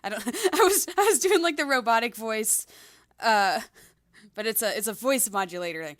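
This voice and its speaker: A woman's voice: on the high side, expressive, normal speed, a bit bright, no room sound, studio quality. A woman hosting a let's play, chatting casually and rambling as she reads the game aloud.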